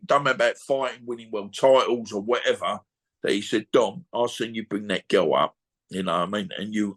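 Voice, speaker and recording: Bloke in his 50s on a video call, blunt, sweary, rambles on. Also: medium pitch. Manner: blunt, rambling, swears freely, repeats "you know what I mean". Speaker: boxer interviewee. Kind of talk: emotional casual interview.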